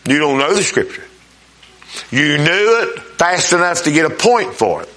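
With a sing-song delivery, a male preacher gives a sermon in a high, bright, forceful voice. His folksy, homespun style includes frequent questions to his listeners. Scripture gets read slowly and with strong emphasis.

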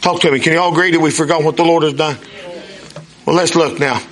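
A pastor in his sixties delivers a sermon in a folksy call-and-response manner. He talks fast with fairly even intonation, and his bright voice sits fairly high for a man.

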